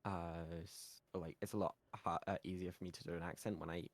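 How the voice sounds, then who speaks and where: A man's voice: low-pitched, fairly even intonation, a little fast, no room sound. A British man, a guest creator of ASMR roleplays, talking casually over a voice call and circling around his points. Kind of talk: casual chat.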